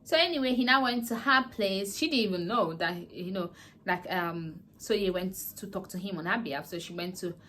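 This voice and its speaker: A woman's voice: mid-range voice, normal speed, a little hiss or hum. Chatty woman recapping a series. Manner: animated, acts out characters' lines, laughs. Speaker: vlogger reviewing a series. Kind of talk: casual chatty plot recap.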